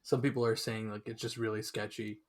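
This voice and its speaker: A man's voice: on the low side, level tone, fairly quick. A young man co-hosting a podcast in casual chat, rambling with lots of fillers and restarts. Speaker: podcast co-host.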